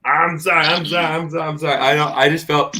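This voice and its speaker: Male guest, bright tone, hesitant and rambling, casual chat. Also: fairly high pitch, steady tone, fast. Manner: rambling, hesitant, with many fillers and restarts.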